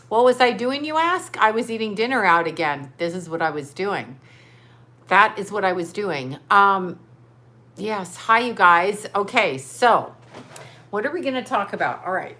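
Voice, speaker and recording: A woman's voice: medium pitch, sharp tone. A woman hosting a casual livestream, rambling chattily and greeting viewers as she reads their comments aloud. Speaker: livestream host. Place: home.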